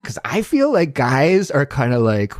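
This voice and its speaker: A man around forty co-hosting a casual podcast, easygoing and agreeable in his measured replies. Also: medium pitch, wildly swooping pitch, no room sound, studio quality. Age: late 30s to 40s. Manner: easygoing and agreeable, laughs along, measured phrasing. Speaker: podcast co-host. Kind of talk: casual conversational podcast chat.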